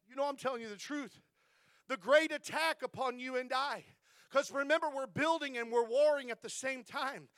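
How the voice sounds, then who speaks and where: High-voiced fervent preaching pastor. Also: male voice, no echo, studio quality. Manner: fervent preaching with repeated amens; rising to impassioned, louder stretches. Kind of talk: sermon. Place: church.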